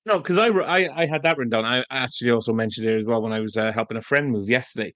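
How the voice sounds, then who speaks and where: A man with a mid-pitched voice chats casually on a film podcast, recorded dry and close. He builds his points with little asides and stories. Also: racing, a bit bright, no room sound. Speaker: podcast co-host. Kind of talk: casual film review chat.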